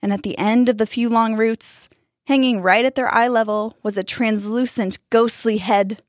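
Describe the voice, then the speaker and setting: A woman's voice: on the high side, steady tone, moderate pace, no echo, studio quality. Woman narrating a spooky story.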